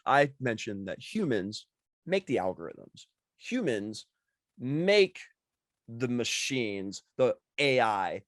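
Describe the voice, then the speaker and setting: Podcast guest guy, bouncy lively voice, rambles with lots of likes. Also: medium pitch, dry recording, clean studio sound. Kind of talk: casual podcast chat.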